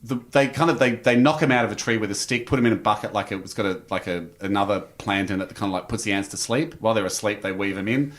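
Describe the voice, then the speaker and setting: A man's voice: lowish voice, fast, few pauses. A man, a podcast guest telling a long story in casual chat and acting out the quotes as he goes. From Australia.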